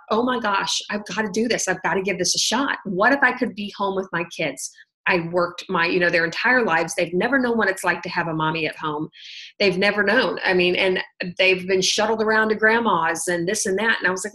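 Woman, bright voice, chatty testimony on a team call. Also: mid-range voice, fairly quick, rough recording. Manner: chatty storytelling, full of "like" and "oh my gosh". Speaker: sales team leader sharing her story on a team call. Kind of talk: personal testimony on a conference call.

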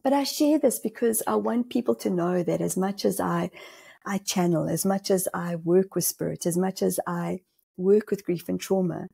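A woman's voice: fairly low pitch, normal speed, gravelly, slightly rough. A woman from South Africa with a South African accent, a spiritual medium talking animatedly as a podcast guest and laughing often. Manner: animated, laughs often, acts out inner voices. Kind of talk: podcast conversation.

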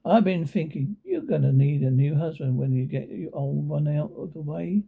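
A brash, greedy down-and-out bum who talks in cocky tough-guy slang, played by a man in a storybook reading. His voice is dark and husky, and his pitch moves a lot. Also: expressive, normal speed, full character voice.

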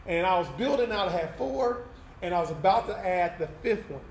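Male pastor, fairly high voice, conversational testimony sermon, roomy hall with a faint hiss underneath. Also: expressive, a little fast. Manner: candid, conversational, tag questions like "right?". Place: event hall used for Sunday service.

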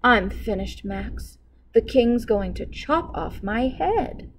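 A woman's voice: a little high, lively intonation, takes it slowly, slight background noise. A woman reading aloud and voicing a devoted, fretful male royal cook in an earnest manner. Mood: sad.

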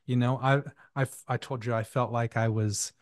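Halting podcast host man, dry sound. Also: medium pitch, fairly even intonation, dry recording. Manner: halting, repeats words, reflective. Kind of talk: casual interview chat.

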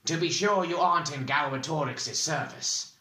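A man's voice: a little high, normal speed, pushed and bright, roomy sound, pitched above the performer's own voice. A man voicing a stern, cunning bald male interrogator who gives clipped, commanding orders.

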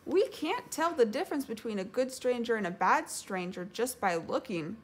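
A woman's voice: on the high side, animated, normal speed, lightly acted. A woman voicing a kind, sensible young boy who explains things patiently in a storybook read-aloud.

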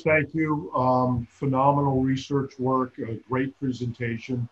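A man hosting a support network webinar, thanking the guest and giving measured closing announcements with some halting pauses over a video call. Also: mid-range voice. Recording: roomy dull video call audio.

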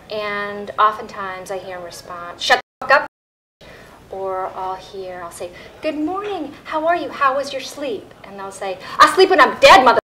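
A woman's voice: mid-range voice, a bit bright, slight background noise, natural voice. A woman playing a prison inmate in a sketch comedy monologue, chirpy and overly polite.

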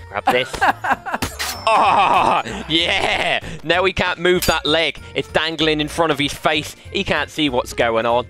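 Brash British gamer with a bright voice. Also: male voice, a little high. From United Kingdom. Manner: playful mock-teacher banter, swings between quiet menace and loud outbursts. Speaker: YouTube gamer. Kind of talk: comedic VR gameplay commentary.

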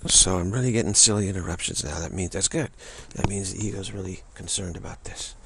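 A man's voice: deep voice, fast talker, noisy background. A man giving a rambling spiritual talk in a casual, musing way, often repeating himself and stumbling over tongue-twisting phrases. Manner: casual and musing, many fillers. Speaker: spiritual teacher.

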